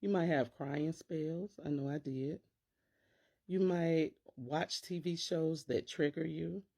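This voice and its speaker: A woman's voice: low-pitched, takes it slowly, gravelly, dark tone. A middle-aged woman, a teacher and parent, talking casually to camera and acting out worried inner voices in quotes.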